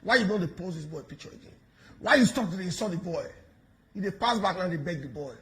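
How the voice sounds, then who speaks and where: A Nigerian man giving mocking, animated commentary in pidgin, taunting and laughing as he talks. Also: sits high, fast, slight background noise. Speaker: online commentator.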